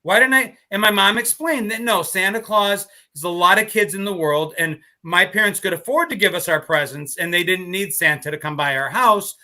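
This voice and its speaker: A man in his fifties, a podcast co-host, telling stories in casual chat and laughing easily. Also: sits high. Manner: animated storytelling, quick to laugh.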